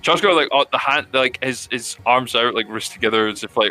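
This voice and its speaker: A man's voice: mid-range voice, quick pace, hardly any pauses, sharp tone, soft background music. A man playing a character in a tabletop role-playing game, talking in a chatty way. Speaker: player.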